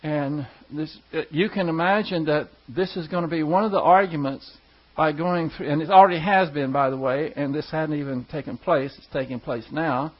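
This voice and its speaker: A man's voice: fairly high pitch, normal speed, few pauses. A man, a pastor telling stories to his congregation in a rambling, folksy way with chuckling asides. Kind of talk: casual storytelling to a congregation. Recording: dull lo-fi recording.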